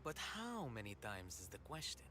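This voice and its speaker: A man's voice: lowish voice, huge pitch swings, normal speed, background noise. An actor playing a proud, riddling king in a video game, speaking in a pompous, theatrical way. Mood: haughty.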